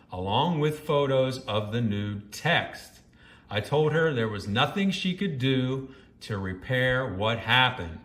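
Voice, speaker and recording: A man's voice: mid-range voice, a bit bright, echoey room. A man reading a first-person story aloud and breaking off into judgmental, scolding commentary.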